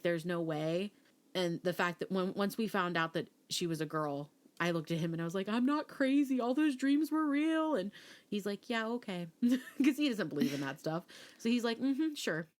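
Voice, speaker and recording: A woman's voice: fairly low pitch, normal speed. A young adult woman co-hosting a podcast, telling a story in casual chat and acting out quoted lines. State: pregnant. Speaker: podcast co-host.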